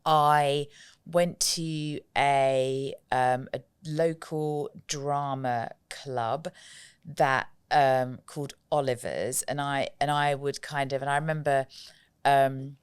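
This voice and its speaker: A woman guest on a podcast, telling lively stories in casual conversation, often acting out what people said and laughing. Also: extremely low pitch, takes it slowly, clear, resonant tone, no echo. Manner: lively storyteller, acts out quotes, laughs often. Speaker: podcast guest, joy coach. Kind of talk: casual interview chat.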